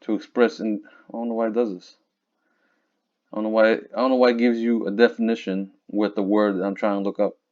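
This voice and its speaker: A man teaching from scripture in a casual, conversational way, reading verses slowly and looking up words aloud. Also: lowish voice, level tone, darkish tone. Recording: dull lo-fi recording.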